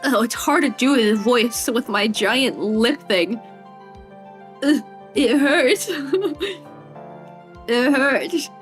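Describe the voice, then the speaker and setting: A woman's voice: high voice, lively intonation, drawn-out words, pauses often, faint music behind. A young woman streaming a video game, chatting casually and giggling at herself. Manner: giggly, chatty, self-mocking. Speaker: VTuber streamer. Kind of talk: casual gaming stream chat.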